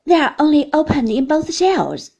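A woman voicing an affectionate young husband who speaks tenderly and gently teases. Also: high voice, sing-song, measured pace, vocal fry, pitched above the performer's own voice, full character voice. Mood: fond. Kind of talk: audiobook character reading.

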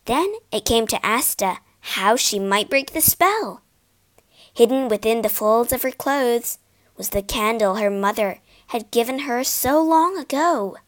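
A woman reads a fairy tale aloud as narrator. Her pace is slow and careful, and her slightly high voice stays expressive. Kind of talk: storybook read-aloud.

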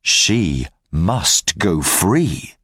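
A kind, dignified gentleman speaks calmly and firmly, slightly low and unhurried, as a male reader voices him. The audiobook sound is close and dry. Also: breathy edge, dry recording, full character voice. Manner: calm, gentle and firm. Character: kind, respected older gentleman.

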